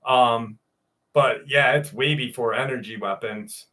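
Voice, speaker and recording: A man's voice: mid-range voice, unhurried, sharp tone. A man hosting a live stream, chatting casually with viewers by name, swearing freely, and reading out a story.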